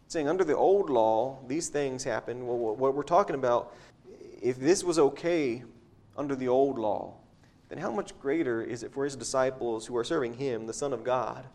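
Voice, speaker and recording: A man's voice: medium pitch, normal speed, a little mellow. A man preaching a sermon in a conversational way, often repeating words as he explains scripture.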